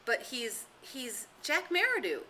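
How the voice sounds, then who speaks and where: Woman voicing a worried young leader, careful and pleading, bright timbre. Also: fairly high pitch, very animated, takes it slowly, a little hiss or hum, voice pushed up, heavily acted, rough recording. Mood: dejected. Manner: urgent, cautious, pleading. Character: troubled young schoolboy chief, earnest.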